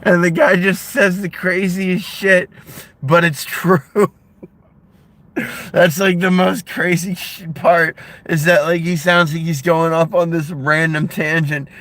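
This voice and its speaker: Brief: man chatting casually, slow-paced but excitable, laughs a lot, tense bright tone. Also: high-pitched. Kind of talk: casual chat.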